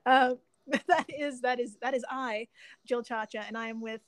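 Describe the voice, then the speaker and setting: A woman hosting a casual podcast, excitable and swearing casually, laughing often. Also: fairly high pitch, normal speed, no room sound. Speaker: podcast host.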